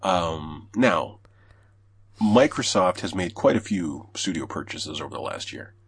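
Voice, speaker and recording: Low husky opinionated podcast host. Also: male voice, big pitch swings, a little slow. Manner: blunt, swears freely, opinionated. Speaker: podcast host reading game news. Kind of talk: casual podcast chat.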